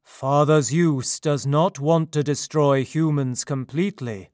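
A loud, commanding oracle voice, put on by a male narrator, calls out orders from a storybook. The delivery is slow and dry, with no room around it. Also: on the high side, fairly even intonation, no echo, close to an everyday voice. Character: deep booming oracle voice, male.

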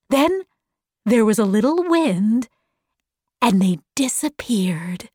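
Woman reading a learner storybook, very slow, high voice, dry studio sound. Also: sing-song, dark tone, no room sound. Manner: slow, clearly enunciated. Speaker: audiobook narrator. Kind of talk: scripted narration of a graded reader.

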